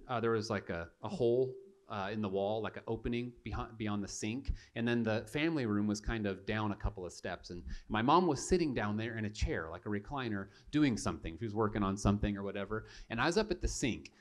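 A young man preaching to his church, telling a childhood story with animated, self-mocking humor and acted-out voices. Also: lowish voice, fairly quick. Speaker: pastor. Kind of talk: storytelling sermon. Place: church sanctuary.

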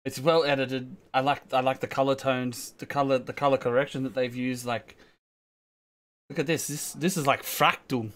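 A man's voice: medium pitch, fairly even intonation, moderate pace, a bit bright. An Australian man hosting a reaction video, talking emotionally and casually, swearing a lot and restarting sentences.

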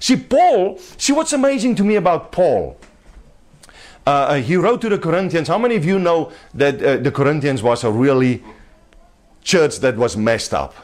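In a home setting, a high-voiced man delivers a sermon to a small group, his pitch swinging widely. He moves at a moderate pace, emphatic yet conversational, and laughs lightly while talking.

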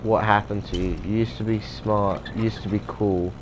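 A man's voice: lowish voice, fairly even intonation, normal speed, background noise, close to an everyday voice. A man voicing a curt, bitter young female crocodile in a video game, scolding in a dry tone.

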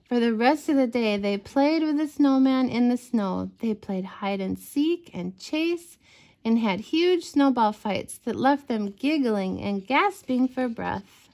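Woman storyteller, gentle bedtime reading, unhurried and a little high. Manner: gentle, expressive.

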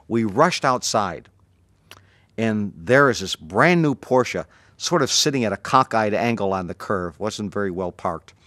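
Male martial arts teacher, lively anecdote teller, dry close recording. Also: on the low side, unhurried, dry recording. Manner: animated, acts out the voices in his story. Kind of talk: anecdotal storytelling.

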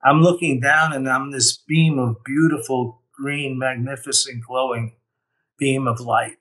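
A man speaks in an earnest, heartfelt way, recounting his own experience with frequent "you know"s. His voice sits at an ordinary middle pitch. He sounds a little distant from the microphone. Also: fairly even intonation, measured pace, fairly bright tone. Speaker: near-death experience survivor. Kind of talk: personal testimony.

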